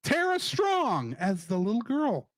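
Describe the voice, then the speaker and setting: Guy podcast host, kinda high voice, bouncing all over, jokey, laughs a lot, dry close sound. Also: measured pace, no echo. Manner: animated, joking, laughs often. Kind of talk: casual review chat.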